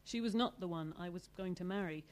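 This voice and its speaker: A woman's voice: fairly low pitch, a little fast, a little mellow, lightly acted. Woman reading an awkward young man, hesitant and defensive.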